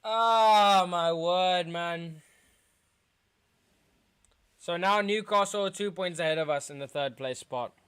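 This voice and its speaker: A young man from England talks through a football match for his live stream, sounding crushed and letting out sighs. His voice sits a touch high and comes out smooth and clear. He talks slowly and drags his words. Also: fairly even intonation, a bit bright. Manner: dejected, sighing, talking to chat. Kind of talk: live football watchalong reaction.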